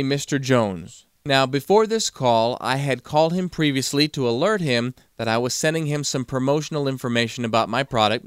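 A man's voice: fairly high pitch, a bit bright, clear, resonant tone, no echo, clean studio sound. A man giving a motivational talk, telling stories and acting out the quoted voices. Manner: storytelling, acts out quoted voices. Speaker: motivational speaker.

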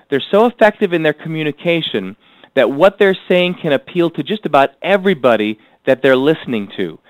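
A man's fairly high voice leads a workbook lesson in a dry, close sound. He repeats key phrases slowly so listeners can fill in the blanks, and he keeps an earnest, motivational tone. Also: dry recording, low-quality recording. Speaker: course instructor.

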